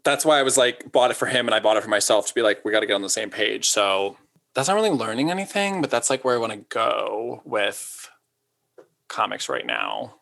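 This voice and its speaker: A man's voice: medium pitch, very animated, creaky, a bit bright. A man co-hosting a casual podcast chat, rambling with lots of asides. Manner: chatty, quick asides, lots of "like". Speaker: podcast co-host.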